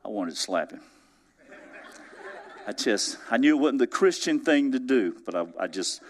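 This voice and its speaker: A man preaching a sermon in a conversational storytelling way, chuckling as he goes and swinging between emphatic rises and soft, hushed drops. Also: mid-range voice, expressive, normal speed, long pauses. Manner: chuckles through his stories. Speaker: pastor.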